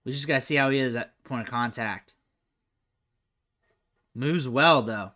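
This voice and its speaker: A young man giving casual, chatty commentary over football highlight film, thinking aloud and trailing off quietly at the ends of his sentences. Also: unhurried. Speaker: recruiting analyst host.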